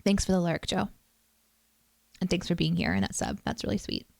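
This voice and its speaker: A woman's voice: lowish voice, wildly swooping pitch, brisk, vocal fry, a little mellow, no echo. Chatty woman streamer, dry sound. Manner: chatty, self-deprecating, reads chat aloud. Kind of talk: casual livestream chat.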